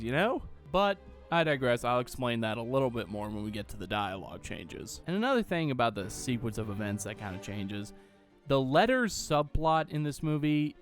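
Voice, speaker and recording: A young man from Austin, Texas giving a sarcastic, exasperated solo movie rant, swearing freely. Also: medium pitch. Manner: mocks dialogue in silly voices. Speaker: movie reviewer. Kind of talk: ranting solo commentary.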